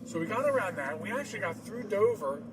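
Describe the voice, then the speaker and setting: Male host, rambling road-trip chat, loud road noise, mic set back. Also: high voice, sing-song, fast talker, far from the mic. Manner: rambling, with many fillers and restarts. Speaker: radio show host. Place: moving car. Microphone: portable mic in the car. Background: car and traffic noise.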